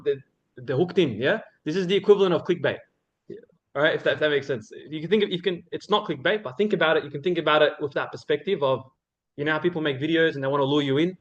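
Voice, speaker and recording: A young man giving an informal talk to a student gathering, lively and addressing the listeners directly with frequent questions. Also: a little high, fast, dull audio. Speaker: speaker at a student religious circle.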